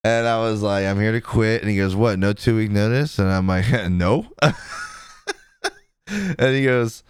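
A man's voice: fairly low pitch, measured pace, smooth, no echo, studio quality. A man in his thirties, a podcast co-host, telling a long personal story in casual chat and laughing often as he goes. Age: 30s.

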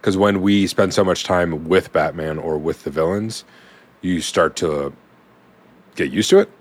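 A man co-hosting a casual podcast chat, joking with quick asides. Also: deep voice. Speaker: podcast co-host.

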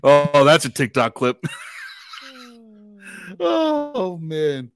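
A man's voice: fairly high pitch, wildly swooping pitch, extremely slow, gravelly, a bit bright. A man hosting a casual podcast over a video call, laughing often and putting questions to his guests. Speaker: podcast host. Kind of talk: casual chat.

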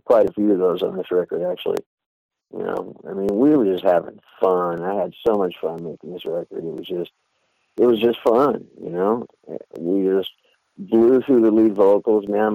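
Speaking at a normal pace in a low, gravelly voice, a band singer rambles through an interview as the guest, filling gaps with "you know" and telling stories with real animation. The recording is dry and low in quality.

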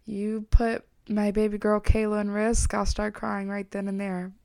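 A woman's voice: medium pitch, completely flat delivery, measured pace, vocal fry, a little mellow, no room sound. A woman hosting a spoken self-help talk, earnest and personal, who repeats phrases for emphasis. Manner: earnest, reflective, openly personal. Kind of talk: motivational self-help monologue.

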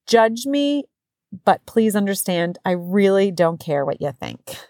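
A woman's voice: mid-range voice, measured pace, no room sound. Candid woman podcaster, dry close sound. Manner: candid, swears, animated retelling with quoted voices. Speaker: podcast host. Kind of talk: casual storytelling monologue.

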